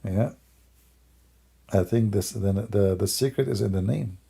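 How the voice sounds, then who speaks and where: A man whose first language is Arabic, hoarse from losing his voice, musing and rambling in broken English on a livestream. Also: on the low side, measured pace, dark tone. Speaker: livestream host. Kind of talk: casual livestream talk.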